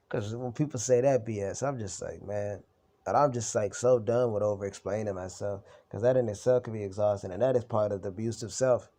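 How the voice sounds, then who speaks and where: A young man with a mellow, dark-toned voice talks straight to camera in an unscripted vlog. He tells his story heatedly, full of blunt slang and swearing, without stopping. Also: lowish voice, brisk. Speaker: vlogger on recovery from narcissistic abuse. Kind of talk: unscripted personal venting to camera.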